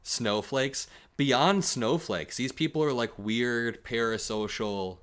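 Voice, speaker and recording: A man hosting a livestream, reacting to clips and posts in an energetic, joking way and laughing often. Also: medium pitch, takes it slowly, hardly any pauses, clear, resonant tone. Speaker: political commentary streamer.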